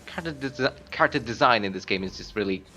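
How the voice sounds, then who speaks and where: A chatty man streaming a game, his pitch swinging widely as he reacts. His voice is bright and forward, with faint noise behind it. He shifts from easygoing talk to loud shouts at the screen. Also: lively intonation, fast. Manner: chatty, bursts into loud screams and laughs at the game. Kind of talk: live gameplay commentary.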